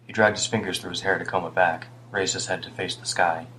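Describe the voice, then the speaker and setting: A man narrating an audiobook in a steady, measured way. His voice sits very low and deep. A faint hum runs quietly behind the reading. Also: low-quality recording. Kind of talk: scripted narration.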